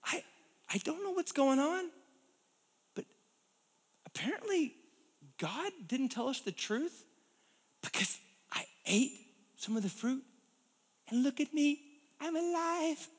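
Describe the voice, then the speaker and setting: A man voicing Eve as a naive, excited young woman who chatters and sweet-talks. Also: very high voice, takes it slowly, pauses often, pitched above the performer's own voice, heavily acted. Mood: giddy. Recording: long hall reverb.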